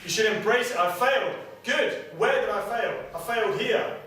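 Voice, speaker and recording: A man, a personal trainer giving an energetic motivational seminar who keeps checking in with his audience. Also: sits high, moderate pace. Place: seminar room with clients. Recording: very echoey room, distant mic, faint noise.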